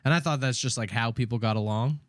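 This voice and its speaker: A young man hosting a podcast, telling a story in casual chat, animated and full of laughs. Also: medium pitch, quick pace, dry recording, clean studio sound. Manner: animated, laughing, acts out quotes. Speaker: podcast host.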